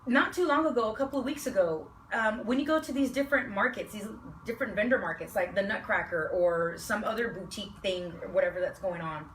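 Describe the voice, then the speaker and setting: A woman's voice: mid-range voice, quick pace, few pauses. A woman co-hosting a talk radio discussion, chatty and telling stories as she joins in. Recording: roomy studio, mic at a distance, faint noise.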